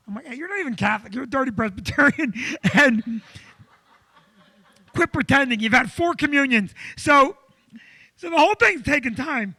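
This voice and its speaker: Casting: high-pitched, sharp-toned male comic storyteller, animated and loud. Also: no room sound. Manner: animated, loud, acts out quotes. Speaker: comedian co-host.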